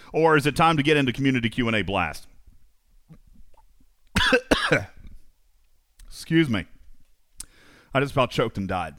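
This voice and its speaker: A man's voice: medium pitch, fairly bright tone, dry recording. A man hosting a casual livestream, joking, laughing often and announcing segments in a sing-song way. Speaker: livestream host.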